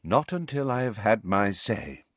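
A man voicing a calm, serene old wizard headmaster, speaking slowly, softly and steadily. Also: on the low side, no echo. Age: older. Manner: slow, soft, measured and steady.

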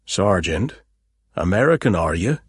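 A sour old village sergeant with a husky, growling edge, put on by a male narrator. He is dismissive and sarcastic, his voice low and grainy in a dry, close audiobook reading. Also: big pitch swings, unhurried, no room sound, full character voice. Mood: gruff, sarcastic. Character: gruff aging village police sergeant, sour.

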